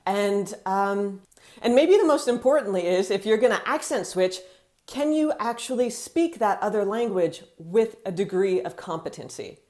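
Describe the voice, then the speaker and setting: An American woman living in France, talking casually to camera and acting out quotes in a chatty, animated way. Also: medium pitch, normal speed. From United States.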